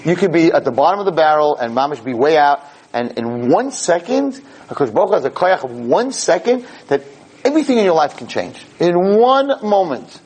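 A man giving a podcast Torah class in an animated way. He stumbles over repeated words as he builds each point and acts out parents and kids in quick asides. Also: a little high, slightly rough. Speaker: Torah lecturer.

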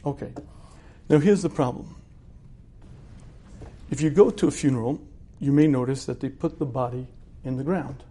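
A man giving a conversational lecture as a religious teacher, using rhetorical questions and often clearing his throat. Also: medium pitch, moderate pace, pauses often, dark tone.

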